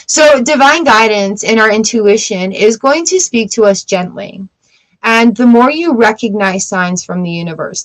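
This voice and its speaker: A woman's voice: mid-range voice, rough recording. A middle-aged woman hosting a live tarot and oracle card reading, talking in a chatty, reassuring way and answering viewers as she goes. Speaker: tarot reader.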